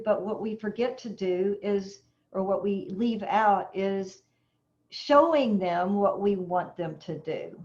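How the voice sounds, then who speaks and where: A woman's voice: medium pitch, a little mellow. A woman dog trainer teaching an online puppy class in a chatty way, explaining with everyday examples. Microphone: video call. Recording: dull lo-fi video call audio.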